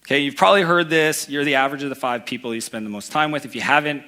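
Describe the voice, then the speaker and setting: A man giving an energetic motivational talk to a live audience, telling personal stories and acting out the people in them. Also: medium pitch, racing. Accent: Canadian. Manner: energetic storytelling, acts out voices in anecdotes. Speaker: keynote speaker. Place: event hall before a live audience.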